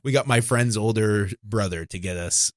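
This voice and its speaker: A man's voice: lowish voice, dry recording, clean studio sound. Man in his thirties, rambling podcast chat. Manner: rambling, self-interrupting, quick to laugh. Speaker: podcast host. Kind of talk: casual comedic chat.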